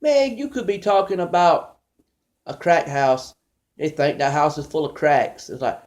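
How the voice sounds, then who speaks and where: A man's voice: fairly high pitch, animated, normal speed, darkish tone. A man doing a rambling, conversational stand-up comedy monologue, storytelling with many restarts.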